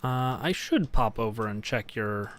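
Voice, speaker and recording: A man's voice: mid-range voice, measured pace. A man casually chatting with teammates while playing a building game, musing aloud as he mines and sorts. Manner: relaxed, musing, talks to teammates while mining. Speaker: gaming streamer. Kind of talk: casual gameplay chat.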